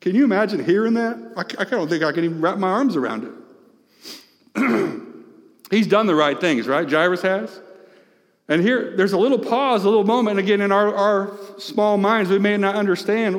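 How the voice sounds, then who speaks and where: In a reverberant church sanctuary, a man preaching as pastor calls out to his congregation with impassioned, rising-and-falling delivery. He has a high voice and keeps a moderate pace.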